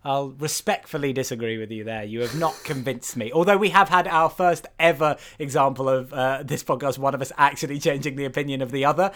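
A man co-hosting a podcast in casual chat, animated and laughing often, with excited protests. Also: mid-range voice, brisk, hardly any pauses. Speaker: podcast co-host.

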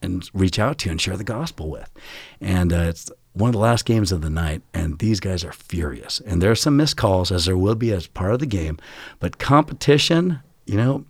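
Deep-voiced, animated man telling a story. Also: moderate pace, breathy edge, no room sound, clean studio sound. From California. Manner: animated, talks with his hands. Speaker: church member sharing a testimony. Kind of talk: casual storytelling in a group conversation.

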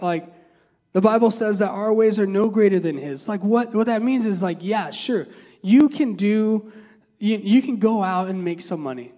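A man's voice: high-pitched, dark tone, long reverb tail. A man giving a casual, conversational sermon, talking through a Bible passage with many fillers and restarts. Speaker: preacher.

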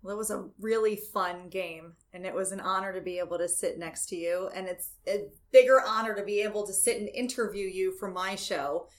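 A woman hosting a podcast who talks in a gushing, excitable way in casual chat. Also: mid-range voice, a little fast, hardly any pauses, no room sound. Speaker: podcast host.

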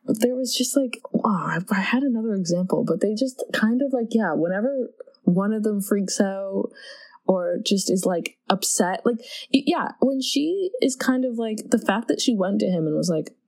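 A woman's voice: mid-range voice, expressive, normal speed, darkish tone. A young woman co-hosting a podcast, chatting casually and playfully about a movie with a friend. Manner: giggly, playful, talks with lots of "like". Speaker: podcast co-host.

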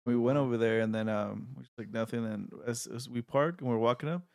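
A man's voice: mid-range voice, a little fast, creaky, no room sound, clean studio sound. A young man in casual chat, telling a long rambling story and swearing freely.

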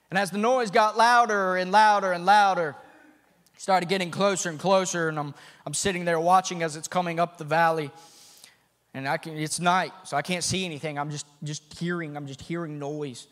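A man, a missionary preacher, telling a story in a sermon, often repeating himself and building to shouted fervor. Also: sits high, normal speed. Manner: repeats and restarts phrases. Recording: long hall reverb.

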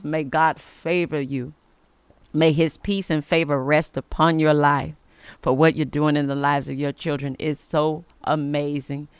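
Smooth-voiced woman giving preacher-like blessings. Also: low-pitched, fairly bright tone, dry recording. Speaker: podcast host. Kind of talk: inspirational faith podcast monologue.

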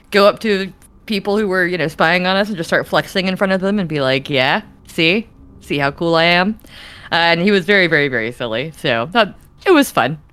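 A woman's voice: medium pitch, a bit bright, no room sound. A young woman, a podcast guest, chatting casually with lots of fillers and giggles. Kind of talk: casual chat.

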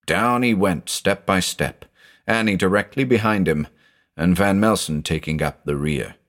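A man narrating a scripted audio mystery drama in a dramatic, expressive storytelling manner. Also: deep voice, a little slow.

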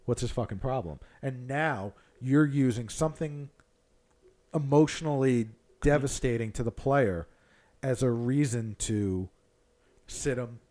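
A man co-hosting a casual sports chat, an animated, profane coach who rants. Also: medium pitch, slow pace. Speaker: podcast co-host, hockey coach.

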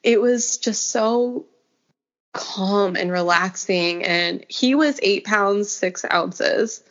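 A woman's voice: medium pitch, drawn-out words, a bit bright. Brief: young woman, podcast guest, chatty filler-heavy storyteller, slightly muffled lo-fi sound. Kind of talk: casual interview. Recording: slightly dull lo-fi audio.

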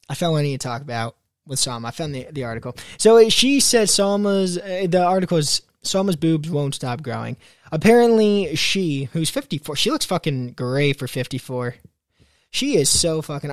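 A young man hosts a casual solo podcast, rambling along with lots of fillers and restarts. His voice is a little high, and the recording is clean studio sound with no echo.

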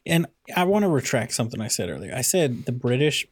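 A man co-hosting a casual comedy podcast, rambling through provocative deadpan jokes. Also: medium pitch, fast, husky, dry recording. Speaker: podcast co-host.

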